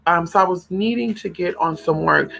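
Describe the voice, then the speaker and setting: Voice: medium pitch, moderate pace, gravelly, a little hiss or hum. A vlogger in a casual, profane rant to the camera, breaking off to call to their own dogs. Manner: animated, profane, talks to own dogs between remarks.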